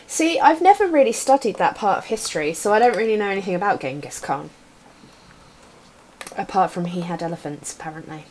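Typing commands into a retro adventure game, a young woman jokes with her stream viewers in a playful, casual commentary. She talks fairly quickly in a mid-range, darkish voice with lively intonation, over keyboard sounds and slight background noise.

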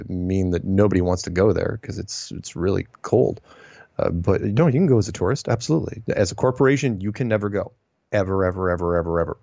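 A man hosting a solo show, reading listener emails and answering them in a wry, digressive way with puns and quick self-corrections. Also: fairly low pitch, a little mellow, no echo, muffled recording. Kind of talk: casual solo commentary.

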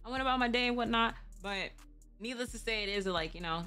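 A woman's voice: mid-range voice, steady tone, fast talker, sharp tone, soft background music. Laughing, profane young woman storyteller. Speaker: streamer. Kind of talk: casual storytime chat.

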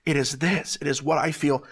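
A fairly high-voiced man speaks with halting earnestness, stumbling and restarting as he gives a heartfelt testimony. He is close to tears as he talks. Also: husky. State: near tears. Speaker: host of a ministry show. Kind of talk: emotional testimony to camera.

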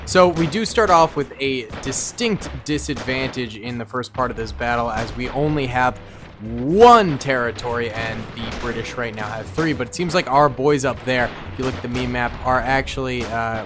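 A young man giving excitable gameplay commentary as a gaming video host, breaking into loud reactions. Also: medium pitch, normal speed. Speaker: gaming YouTuber. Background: game music and gunfire.

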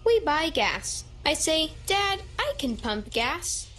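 A woman reading a children's picture book aloud at a church service, lifting her voice for the child's lines. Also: noisy background. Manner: slow, lively storybook reading with high child-like quotes. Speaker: story reader at a church service.

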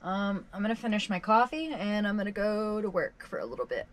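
A woman's voice: medium pitch, sing-song, fairly quick. A woman in her twenties talking casually to the camera at home in a wry, self-deprecating video diary. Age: 20s. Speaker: vlogger. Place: at home, indoors.

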